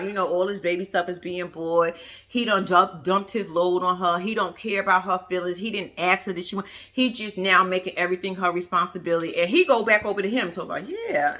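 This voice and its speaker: Brash, animated woman ranting to viewers. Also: on the high side. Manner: blunt, profane and animated, talks to viewers. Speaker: reaction vlogger. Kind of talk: casual reaction commentary.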